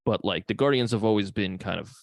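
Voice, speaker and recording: A man's voice: lowish voice, fast, creaky, dry recording, studio quality. A man co-hosting a podcast in easygoing casual chat, swearing now and then. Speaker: podcast co-host; second grade teacher.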